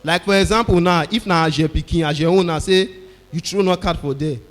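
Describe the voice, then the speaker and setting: A male stand-up comedian with a Nigerian Pidgin accent tells stories loudly and acts out the people in them. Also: fairly high pitch, brisk, long reverb tail. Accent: Nigerian Pidgin English. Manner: loud animated storytelling, acting out characters.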